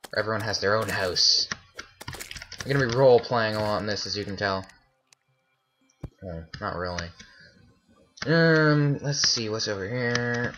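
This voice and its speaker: A man's voice: on the low side, a little slow, long pauses, slight background noise. A man commentating his own gameplay, easily startled and often yelping in alarm. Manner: jumpy, often shouts in alarm. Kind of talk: let's play commentary.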